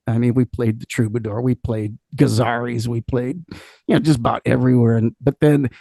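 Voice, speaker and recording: A middle-aged rock singer from Cleveland, spinning stories in a loose, profane way and laughing as he goes. His voice is gravelly with a warm, dark tone. The sound is dry and close, with no room echo. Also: mid-range voice. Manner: animated, profane, laughs often while telling stories. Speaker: rock singer, interview guest. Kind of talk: casual interview storytelling.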